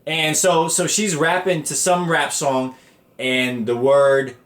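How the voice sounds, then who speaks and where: A man's voice: fairly high pitch, level tone, slow. A man hosting a podcast, telling a story in casual, profane slang and acting out the people in it with a raised voice. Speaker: podcast host. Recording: echoey room.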